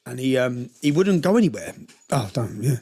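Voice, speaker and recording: Gravelly fast-talking man. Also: mid-range voice, very animated, warm tone. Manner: passionate, rambling with restarts. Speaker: interview guest. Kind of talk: emotional personal storytelling.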